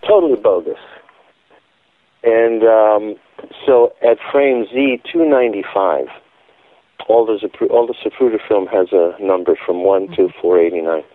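Man with a low voice over a tinny phone line. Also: unhurried, no echo. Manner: emphatic, insistent storytelling. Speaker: radio interview guest. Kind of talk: phone-in radio interview.

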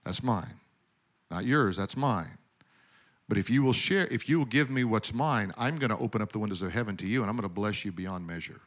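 A male preacher voicing God, quiet, low and deliberate. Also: lightly acted. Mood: firm. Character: God speaking, calm and firm.

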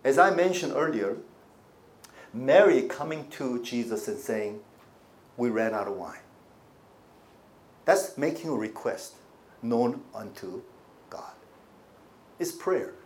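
A man preaching a sermon as pastor, with animated delivery and congregation call-and-response. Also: medium pitch, slow, long pauses.

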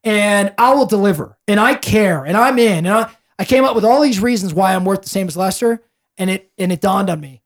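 Man rambling through a story. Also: sits high. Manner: rambling, animated, with many restarts. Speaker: podcast guest, realtor. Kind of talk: casual podcast storytelling.

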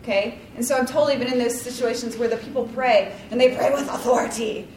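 A woman's voice: a little high, fairly even intonation, fast, a little mellow, slight background noise. A woman leading a casual devotional talk, chatty and rambling, with lots of likes and ums and a self-deprecating tone. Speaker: Bible study leader. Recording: roomy, distant mic, faint ambience.

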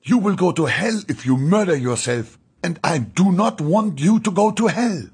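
A man's voice: sits high, lively intonation, husky, voice pushed up, exaggerated voice. A man voicing Rita, earnest young nurse. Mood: stern. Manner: insistent, pleading, slow and deliberate. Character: earnest young woman nursing trainee, devout. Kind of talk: audiobook character voice.

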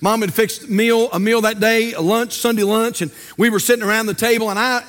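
A man's voice: high-pitched, fairly even intonation, fairly quick, fairly bright tone, long reverb tail. An older man preaching a sermon as pastor, folksy and storytelling, with rhetorical questions. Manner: folksy, asks rhetorical questions and tells stories.

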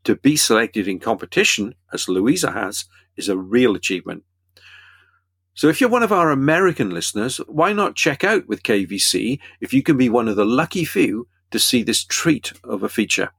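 A man's voice: medium pitch, sing-song, normal speed, fairly bright tone, breathy edge, no room sound. Man reading film news on a dry mic. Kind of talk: scripted news reading with banter.

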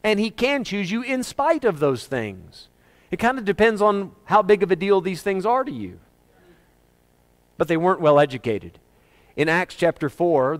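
In an emphatic sermon, a male preacher swings between loud, rising questions and quiet, low asides. When he reaches scripture, he slows down and reads it deliberately.

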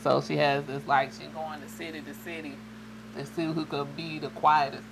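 Animated woman telling stories. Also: low-pitched, moderate pace, noisy background. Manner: animated storyteller, mock-outraged. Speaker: radio co-host. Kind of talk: casual radio chat.

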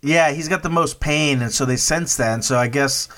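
A man's voice: fairly high pitch, normal speed, a bit bright. Guy hosting a movie review podcast, talks in loose rambling bits, keeps checking "right?" with his cohost. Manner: rambling, recaps plot with many restarts and "right?" checks. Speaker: podcast host. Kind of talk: casual movie review chat.

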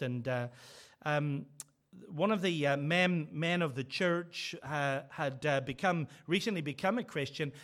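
Man, preacher, sermon, lively storyteller. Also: a little high. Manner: storytelling, animated, acting out quoted voices.

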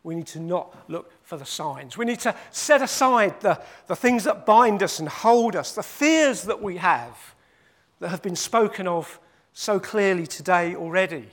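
A man's voice: sits high, expressive, measured pace, fairly bright tone. A man preaching a sermon. He repeats his points for emphasis and acts out the quoted voices.

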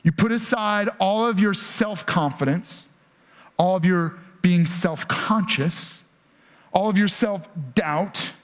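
A man's voice: sits high, slow. A man preaching a conversational sermon as pastor, dropping in rhetorical "right?" asides and acting out his children's pleading voices.

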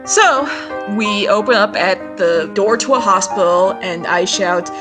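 A woman's voice: medium pitch, measured pace, music in the background. A woman co-hosting a casual recap podcast, chatty and full of fillers, laughing often. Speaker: podcast co-host. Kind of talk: casual anime recap chat.

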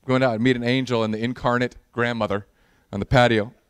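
A man's voice: medium pitch, fairly even intonation, fast talker, clear, resonant tone, no echo, clean studio sound. A man in the role of pastor, preaching a conversational sermon that mixes humorous storytelling with earnest prayer.

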